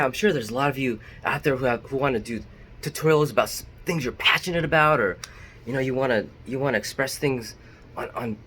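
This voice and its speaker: A man's voice: mid-range voice, a bit bright, a little hiss or hum. A man talking casually to his camera as a vlogger, candid and self-deprecating.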